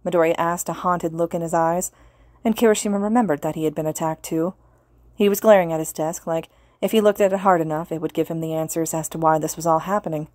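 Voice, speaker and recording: A woman reading fan fiction aloud as an audiobook narrator, in an earnest, steady way. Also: deep voice, quick pace, no echo, clean studio sound. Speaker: podfic reader.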